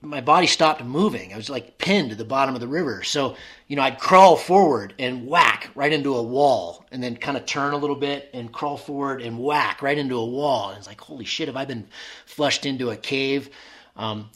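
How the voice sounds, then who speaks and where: A man of mid pitch speaks as a guest in a casual interview, telling a story as it comes to him. He stops and restarts often. He acts out the voices in his head as he goes. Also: a bit bright. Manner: halting, many restarts, acts out remembered inner dialogue.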